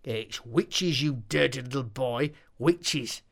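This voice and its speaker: A man's voice: mid-range voice, slow, vocal fry. A man voicing a scornful old granny witch who mocks and taunts. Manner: scornful, mocking.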